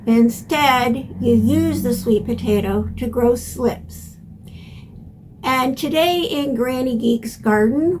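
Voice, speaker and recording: An older woman hosting a home gardening lesson, explaining step by step in a plain, unhurried way. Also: fairly high pitch. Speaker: gardening channel host. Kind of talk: instructional gardening video.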